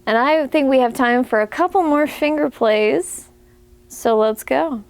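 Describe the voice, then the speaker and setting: A woman's voice: high voice, unhurried, smooth, no echo. A young woman, a children's librarian, leading a preschool story time with playful sing-song songs and action rhymes.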